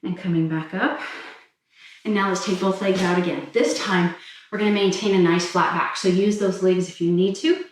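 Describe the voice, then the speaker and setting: A woman fitness instructor calmly talking listeners through a stretching cool-down while doing it herself. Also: on the low side, moderate pace. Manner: calm, encouraging cues while demonstrating stretches. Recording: very echoey room, mic far off.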